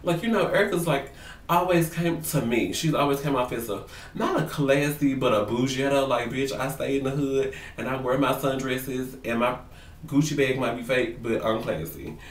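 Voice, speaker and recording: A man casually reviewing a reality show for his vlog, talking in animated, profane slang and acting out what people said. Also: medium pitch, normal speed, recorded from a distance. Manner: animated, profane, slangy, acts out quotes in voices. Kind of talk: casual gossip commentary to camera. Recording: roomy sound, away from the mic.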